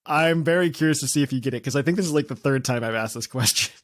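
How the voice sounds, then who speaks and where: A man's voice: mid-range voice, fast talker, no echo, clean studio sound. A man hosting a quiz segment on a casual podcast, reading out questions and teasing the guests.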